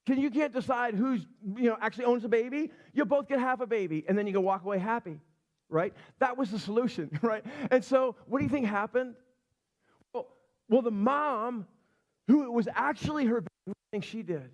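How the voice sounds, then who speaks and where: High-voiced middle-aged male pastor. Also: fairly quick, lo-fi sound. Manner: animated, chatty storyteller acting out the people in his stories. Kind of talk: sermon storytelling. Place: church sanctuary.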